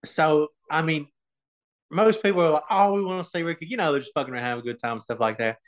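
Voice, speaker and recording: A man who is an online comedian chats casually as a podcast guest, telling stories about fans while laughing and swearing a lot. His voice is a little high and his pace quick.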